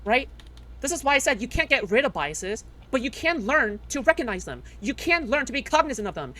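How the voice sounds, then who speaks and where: A woman's voice: high-pitched, very animated, fairly quick, bright, forceful tone. A woman streamer ranting heatedly to her chat, swearing often and tagging nearly every sentence with "okay?". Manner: heated, profane, repeats "okay?" constantly. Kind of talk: livestream reaction rant.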